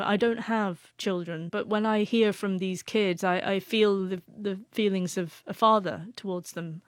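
A woman's voice: mid-range voice, dry recording. Brief: stuttering woman, young adult, author guest, dry close mic, sincere storytelling. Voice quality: stutters, repeats sounds. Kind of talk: emotional personal storytelling.

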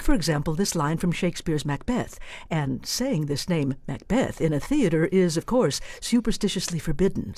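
A woman's voice: lowish voice, a little mellow, no room sound, clean studio sound. A woman giving a scripted radio commentary in a playful, wry, theatrical way. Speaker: radio essayist.

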